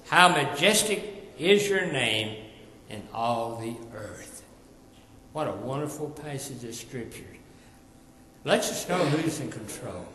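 A man preaching a sermon, emphatic, repeating phrases and dropping quiet at the ends of lines. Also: a little high, reverberant, big-room sound, rough recording.

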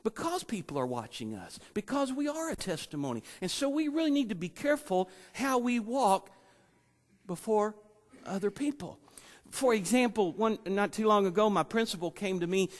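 A man preaching a sermon, telling personal stories in an animated way and acting out the voices he quotes. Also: sits high, moderate pace, big-room sound. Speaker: lay preacher and schoolteacher.

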